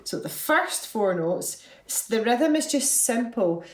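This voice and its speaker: A woman's voice: fairly high pitch, very animated, takes it slowly, distant mic. A young woman teaching a beginner fiddle workshop. She is patient and encouraging, and she counts the notes aloud. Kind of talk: online music workshop. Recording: echoey room, away from the mic, fiddle playing.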